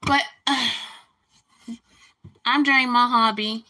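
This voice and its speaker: A woman's voice: on the high side, steady tone, slow, bright, forceful tone. A woman hosting a casual livestream, venting indignantly about a rude comment and greeting viewers as she goes. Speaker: livestream host.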